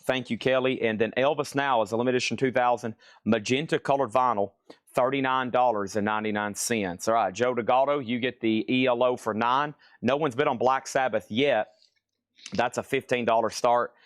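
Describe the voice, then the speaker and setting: A man hosting a live record sale stream, rattling off items and prices in brisk patter with wry asides. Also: mid-range voice, steady tone, dry recording, clean studio sound. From Tennessee. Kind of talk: live-stream auction calling.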